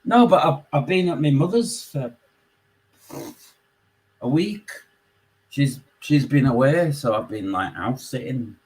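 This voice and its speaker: A man with a Yorkshire accent, calling in and telling a story in casual chat, swearing constantly and animated. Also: medium pitch, takes it slowly, pauses often, low-quality recording. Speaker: caller.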